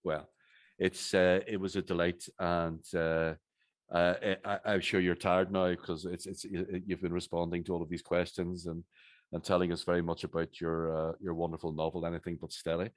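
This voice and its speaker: A man with a Northern Irish accent interviewing an author at a live event, chatty and halting, with many restarts. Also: deep voice, level tone, no echo, studio quality. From Northern Ireland. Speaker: host, interviewer.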